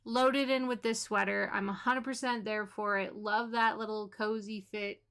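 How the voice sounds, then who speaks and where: A woman's voice: medium pitch, little pitch movement, normal speed, a bit bright, clear, resonant tone. A woman giving casual, chatty commentary while playing a game, laughing often. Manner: chatty and giggly. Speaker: gaming creator.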